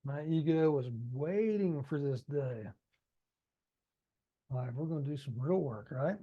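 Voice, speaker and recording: A man's voice: a little high, a little slow, lo-fi sound. Man reading his own book, chatty. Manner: conversational, talks straight to listeners. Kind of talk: audiobook narration with ad-libbed asides.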